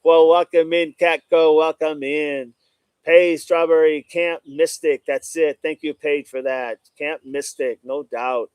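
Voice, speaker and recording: A man's voice: a little high, steady tone, takes it slowly, a little mellow, smooth, no room sound. A man hosting a casual live stream, reading out viewer comments and greeting chatters by name, often saying "no doubt about it.". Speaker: livestream host reading chat. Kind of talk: casual livestream chat.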